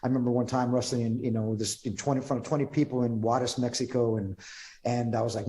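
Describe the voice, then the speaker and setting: Man, podcast guest, casual storytelling, dark relaxed tone. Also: medium pitch, quick pace. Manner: relaxed storyteller, swears, quotes others. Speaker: podcast guest, pro wrestler.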